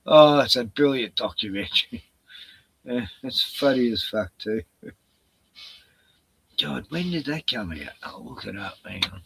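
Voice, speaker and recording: A man's voice: mid-range voice, big pitch swings, a little slow, creaky, long pauses, a bit bright, a little hiss or hum. A man with an Australian accent, chatting on a live stream in a laid-back, rambling way, swearing and chuckling often. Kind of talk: casual rambling chat.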